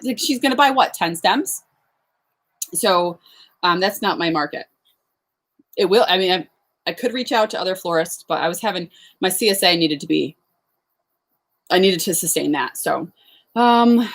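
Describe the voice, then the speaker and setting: A woman's voice: mid-range voice, a bit bright. Chatty woman hosting a live farm Q&A. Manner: chatty, laughs often, many fillers and asides to viewers. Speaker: flower farmer hosting a live Q&A. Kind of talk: casual live-stream chat reading viewer comments. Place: outdoors on a farm.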